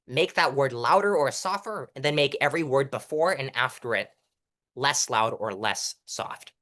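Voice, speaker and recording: This is a young man giving advice on courtroom presence in a relaxed interview. His pitch rises and falls a lot. He keeps stopping to act out short lines and shows how loud and soft delivery sounds. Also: moderate pace. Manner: animated, demonstrates delivery by reciting lines at different volumes. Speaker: interview guest, mock trial competitor. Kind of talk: casual coaching interview.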